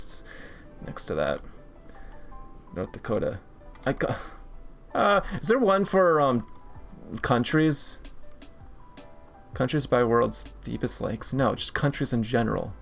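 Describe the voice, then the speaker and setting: Casual streamer, man, gravelly mid-pitched voice, swears when annoyed, faint music behind. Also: fairly bright tone. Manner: frustrated, swearing, talking to himself while playing. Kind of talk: casual gaming stream commentary.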